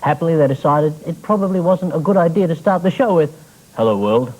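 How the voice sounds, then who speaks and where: A man's voice: on the high side, animated, brisk, a little mellow. Wry man hosting a comedy quiz. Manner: wry, mock-serious delivery of jokes. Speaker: quiz show host. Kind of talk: scripted topical comedy monologue. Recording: noisy old TV broadcast recording.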